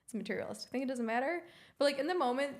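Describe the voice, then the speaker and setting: High-pitched and racing, a young adult woman chats casually as a podcast co-host. She's an animated storyteller who plays out what people said.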